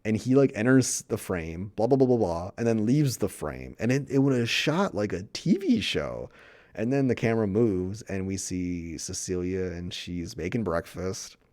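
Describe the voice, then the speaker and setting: A man's voice: on the low side, sing-song, normal speed, darkish tone. A man casually reviewing a movie in a rambling, profane way, retelling scenes with quoted dialogue.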